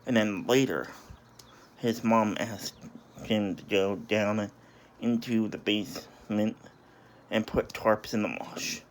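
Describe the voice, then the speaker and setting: Guy with a lowish voice recapping an episode, keeps saying sorry and restarting. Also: takes it slowly, long pauses, slight background noise. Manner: hesitant, apologetic, many restarts. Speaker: video reviewer. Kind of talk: casual plot recap.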